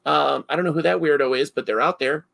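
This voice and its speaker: Gravelly, husky man telling stories. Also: on the high side, quick pace, dry recording, poor audio. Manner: animated storyteller, laughs often. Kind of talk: casual chat.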